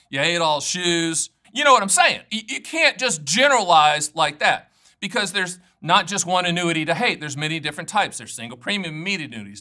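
A bright, high-pitched middle-aged man speaks to camera as host of his own finance show. His delivery is folksy and jokey, with lots of asides, and he reels off long lists of product names one after another. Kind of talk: casual direct-to-camera talk.

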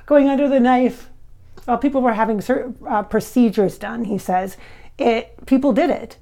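Woman, giggly casual chat at home, lots of fillers, bit of vocal fry, braces-softened S sounds. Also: fairly high pitch. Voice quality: slightly blurred S sounds from clear braces. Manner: chatty and giggly, many fillers and restarts. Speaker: spiritual medium and channel host.

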